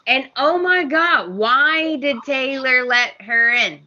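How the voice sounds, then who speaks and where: A woman's voice: high-pitched, slow pace, bright, forceful tone, lo-fi sound, slight background noise. A woman co-hosting a casual podcast, recapping a soap opera and acting out the characters' lines with animation. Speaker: podcast co-host.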